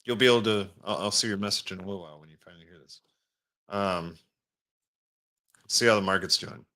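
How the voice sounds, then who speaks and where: A man's voice: fairly low pitch, a little fast, bright, forceful tone. A man hosting a casual livestream, rambling as he clicks through an app and greets viewers in the chat. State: has the hiccups. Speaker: crypto livestream host.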